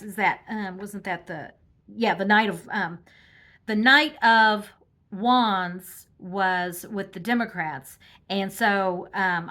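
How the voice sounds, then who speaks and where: This tarot reader speaks at a medium pitch with a sharp edge as she lays out cards on camera. Her political commentary is casual and snarky, broken up by laughter, frequent ums, and false starts.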